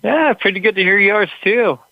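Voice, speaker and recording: A man from California calling into a show, his speech halting and stumbling because his mouth is numb from the dentist. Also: high voice, dry recording, phone-quality sound. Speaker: caller.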